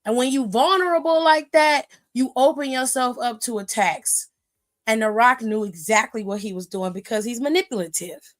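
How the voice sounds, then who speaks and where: A woman's voice: fairly high pitch, normal speed. Brash, profane woman commenting on wrestling. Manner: brash, profane, animated storytelling; acts out quoted voices. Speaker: wrestling aftershow host. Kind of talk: casual commentary monologue.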